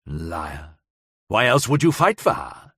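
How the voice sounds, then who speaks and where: A man voicing a cruel middle-aged nobleman villain in an audiobook, with a low, slow, sneering menace. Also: very animated, a bit bright, husky, no echo, studio quality, heavily acted. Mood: menacing sneer. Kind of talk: audiobook character voice.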